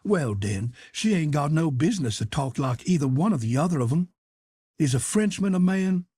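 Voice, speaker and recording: Storybook figure: a stubborn, folksy grown man, read by a man, husky and dry. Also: a little high, animated, moderate pace, mellow, no room sound. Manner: dialect-heavy, insistent arguing.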